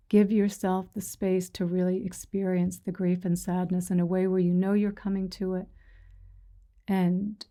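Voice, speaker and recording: Woman meditation teacher, dark tone, even delivery, soft and reassuring, slips into whispers. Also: mid-range voice. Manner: gentle, reassuring, soft-spoken; retells stories with quoted voices. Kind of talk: dharma talk to a sangha.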